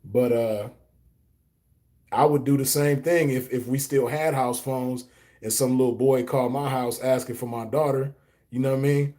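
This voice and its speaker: A man's voice: medium pitch, fairly even intonation, normal speed, mellow. A man hosting a stream, telling a story in a loose casual monologue and answering chat, with lots of "you know what I mean" fillers. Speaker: host reading chat comments.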